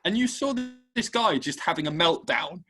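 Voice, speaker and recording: A young man co-hosting a casual podcast, telling an animated story and acting out both sides of a conversation. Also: high-pitched, moderate pace. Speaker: podcast co-host. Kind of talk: casual chat.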